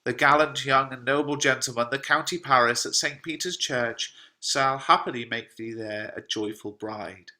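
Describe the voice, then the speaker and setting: A man's voice: mid-range voice, moderate pace, hardly any pauses, bright, forceful tone. A man reading the lines of a cold, scheming noble mother who speaks in a cool, cutting way. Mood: announcing.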